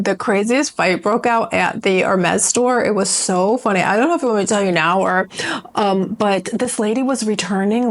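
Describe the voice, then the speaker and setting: A middle-aged woman vlogger telling a story to camera in a chatty, rambling way, full of fillers and restarts. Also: medium pitch.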